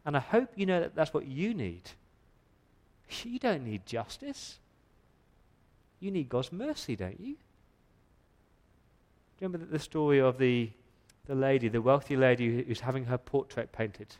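A man preaching a sermon in church with emphatic, pressing delivery. He asks rhetorical questions and often trips over and repeats his words. His voice sits at an ordinary male pitch. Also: expressive, moderate pace, a little mellow. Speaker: pastor.

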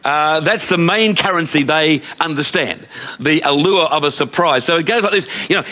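Bright high-voiced Australian grandfather preaching. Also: normal speed. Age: older. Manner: chatty storytelling, asks the audience questions. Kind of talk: sermon.

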